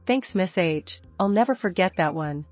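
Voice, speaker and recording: Female narrator, lower voice, dull lo-fi sound, faint music, steady read of story posts. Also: moderate pace. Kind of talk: scripted narration of reader posts.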